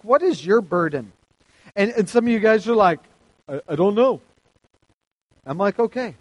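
High-voiced chatty male youth preacher. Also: no echo. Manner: chatty, acts out quotes, asks the crowd questions. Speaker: youth pastor. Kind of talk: casual youth sermon.

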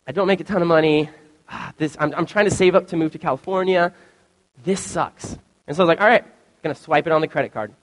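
Young guy youth pastor, kinda high voice, lively storytelling sermon, echoey church hall. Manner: animated storytelling, acts out his own reactions. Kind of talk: casual sermon. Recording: long reverb of a hall.

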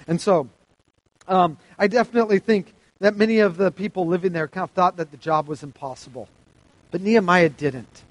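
A man delivering a sermon in a fairly high voice, animated and emphatic as he reads scripture aloud. The sound is dry and close, with no room echo. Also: brisk. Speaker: preacher.

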